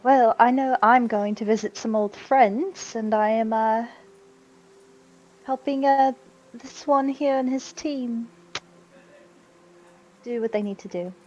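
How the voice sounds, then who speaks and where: A woman's voice: fairly high pitch, steady tone, slow, pauses often, darkish tone, lo-fi sound. A woman playing a tabletop game, speaking casually and in character. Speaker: player.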